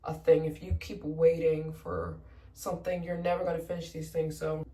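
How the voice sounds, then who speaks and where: A woman's voice: low voice, little pitch movement, normal speed, warm tone, roomy sound, far from the mic. A young woman from the United States, a travel vlogger telling a story in a casual, emotional way, close to tears and acting out both sides of her conversations.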